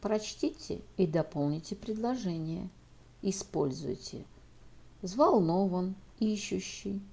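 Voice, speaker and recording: A woman's medium-pitched voice comes across warm, creaky and husky. As a Russian-native English teacher, she reads homework exercises and answers to children and addresses the pupils directly in a recorded walkthrough.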